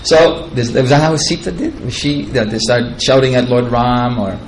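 A man's voice: medium pitch, normal speed, slight background noise, poor audio. A man giving a devotional lecture, retelling scripture in a chatty, digressive way and chuckling at his own asides. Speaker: spiritual teacher.

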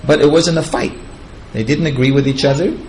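A man's voice: a little high, brisk, a little mellow, slight background noise, poor audio. A man giving a devotional lecture, retelling scripture in a chatty, digressive way and chuckling at his own asides. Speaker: spiritual teacher.

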